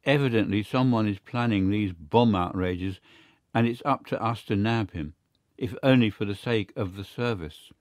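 A cool, confident secret service agent, as a man reads him, brisk and matter-of-fact in a low voice. The reading is close and dry. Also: darkish tone, no echo, lightly acted.

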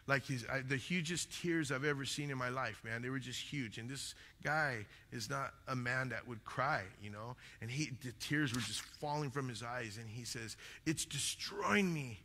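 Male pastor, earnest and repetitive preaching, bright voice in a reverberant hall. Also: mid-range voice, normal speed. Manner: earnest, repeats phrases, says "man" often. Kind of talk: sermon. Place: church hall. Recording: long church reverb.

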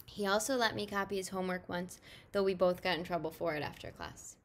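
A woman's voice: fairly low pitch, a little fast, a little hiss or hum. A woman reading first-person audiobook narration in a casual, chatty, youthful tone. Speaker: audiobook reader.

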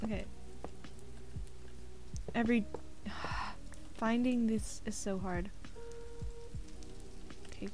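A woman's voice: mid-range voice, steady tone, slow pace, long pauses, music in the background. A woman streaming a game, chatting casually and giggly, thinking aloud as she plays. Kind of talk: casual gaming stream chat.

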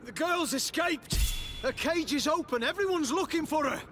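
A grumbling common soldier. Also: male voice, very high voice, moderate pace, exaggerated voice. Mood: reporting. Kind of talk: video game dialogue. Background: loud game music.

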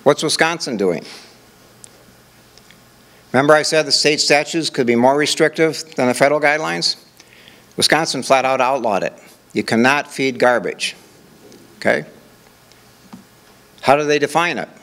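A man's voice: mid-range voice, normal speed, pauses often, fairly bright tone. Older man giving a conference talk. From Minnesota. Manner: conversational, walks through examples with rhetorical questions and "okay?". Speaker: conference speaker. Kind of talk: conference presentation.

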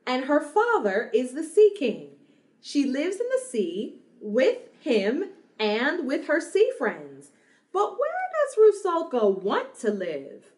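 A young woman teaching small children about singing, talking slowly and brightly, with lots of praise and sung examples. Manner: warm praising, sings examples, owl hoots and drum booms. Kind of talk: slow, sing-song lesson for small children.

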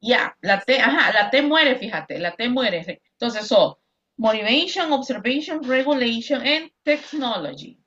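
Bilingual woman teacher drilling pronunciation on a video call; bright, slightly high voice, dull lo-fi sound. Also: animated. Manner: drills words slowly, switches between English and Spanish. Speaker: English teacher. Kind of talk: online class instruction.

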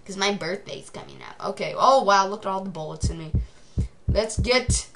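A teenage girl giving excitable gameplay commentary, often shouting at the game. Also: mid-range voice, normal speed, creaky, background noise.

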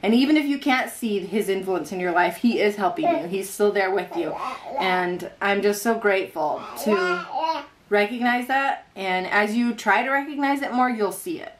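A young woman speaks to her vlog audience from home in an earnest, heartfelt way. Her voice sits at a middle pitch for a woman. Her sentences ramble and run on. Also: normal speed. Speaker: mother vlogging about faith. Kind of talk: casual faith vlog. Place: at home with her baby son.

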